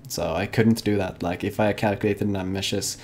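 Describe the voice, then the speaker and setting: A young man co-hosting a live online show, talking in a loose, rambling way, with frequent "like"s and self-corrections. His voice sits on the low side. A faint hiss runs under the home microphone. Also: fairly even intonation, moderate pace, a little mellow. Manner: rambling, full of "like" and restarts. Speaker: co-host of a fan-made live gaming show. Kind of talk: casual live-show chat.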